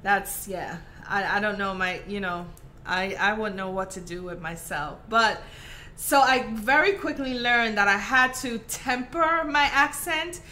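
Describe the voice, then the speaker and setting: A woman from Saint Croix with a softened Virgin Islands Caribbean accent, chatting casually with viewers during a live craft tutorial. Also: mid-range voice, unhurried, slight background noise. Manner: chatty, talks to viewers by name with many fillers. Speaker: craft stream host.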